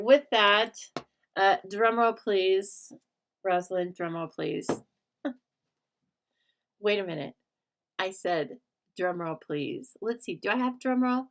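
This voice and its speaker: A middle-aged woman hosting a live papercraft stream, chatting casually, teasing herself and greeting viewers by name. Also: mid-range voice. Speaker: host of a live stamping and papercraft show.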